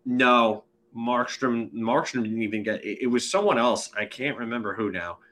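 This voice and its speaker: Here a hockey analyst co-hosts a podcast, his medium-pitched voice moving at normal speed with a slightly bright quality. The talk is casual sports chat, full of his strong opinions and the odd verbal fumble.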